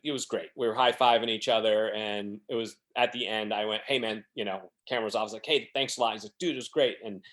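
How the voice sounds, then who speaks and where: This man, with a medium-pitched and fairly bright voice, is a podcast guest spinning rambling stories at his own expense. He performs the lines other people said as part of his casual storytelling.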